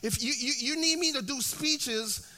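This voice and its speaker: A man's voice: extremely high pitch, unhurried, sharp tone. A man in his forties, a pastor preaching a sermon in a conversational way, often checking in with the congregation and restarting his phrases. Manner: frequent restarts and repeated words.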